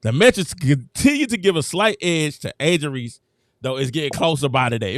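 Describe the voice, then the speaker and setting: Animated man hosting a sports live stream. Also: fairly high pitch, brisk, no room sound, clean studio sound. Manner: animated, emphatic, thanks viewers, talks straight to chat. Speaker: host.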